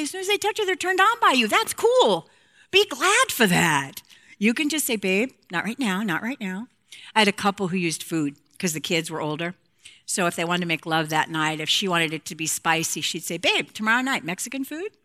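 A woman's voice: on the high side, animated, normal speed, bright, forceful tone. A woman speaking frankly to a women's group about marriage and intimacy, playful and direct, acting out quotes from couples.

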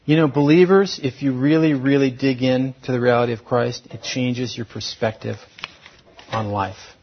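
A man preaching a sermon as pastor, swinging from loud exhortation to hushed, intimate tones. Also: medium pitch, fairly even intonation, normal speed, lo-fi sound, slight background noise.

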